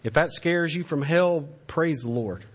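A man preaching a sermon in a church, swinging from impassioned raised-voice exhortation to soft, pleading appeals. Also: on the high side, a little slow. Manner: impassioned preaching, shouting at climaxes then dropping to a soft plea. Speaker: pastor. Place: church sanctuary.

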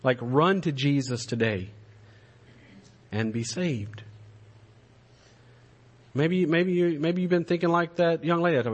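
A man preaching a sermon in a church, swinging from impassioned raised-voice exhortation to soft, pleading appeals. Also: a little high, takes it slowly, long pauses. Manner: impassioned preaching, shouting at climaxes then dropping to a soft plea. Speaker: pastor. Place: church sanctuary.

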